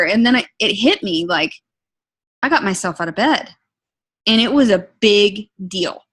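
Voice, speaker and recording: A woman's voice: medium pitch, moderate pace. Earnest woman telling her testimony. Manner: emotional, earnest, animated storytelling. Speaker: product testimonial speaker. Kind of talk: personal testimony.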